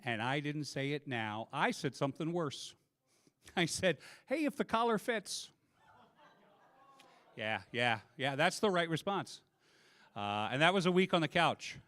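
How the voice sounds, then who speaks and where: A middle-aged man doing a self-deprecating stand-up comedy set on a live stage, talking into a handheld mic. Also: mid-range voice. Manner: self-deprecating, animated storytelling. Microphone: handheld microphone.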